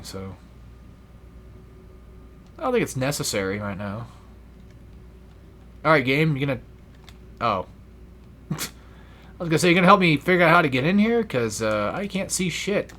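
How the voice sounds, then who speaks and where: Rambling young man with a lively voice. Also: medium pitch, a little hiss or hum. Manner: rambling, swears freely, self-deprecating. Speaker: let's play gamer. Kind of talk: casual gameplay commentary.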